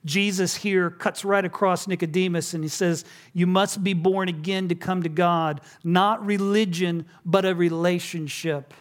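A man preaching a sermon, telling stories and dropping to a hush on key lines. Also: high-pitched, fairly even intonation, measured pace, hardly any pauses. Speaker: pastor.

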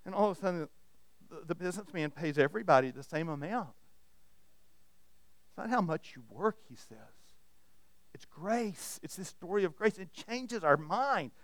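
A man's voice: sits high, lively intonation, moderate pace, no echo. A man preaching a sermon to a room of listeners, retelling stories and often restarting his words. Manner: storytelling, repeats and restarts words. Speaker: pastor. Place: church hall with audience.

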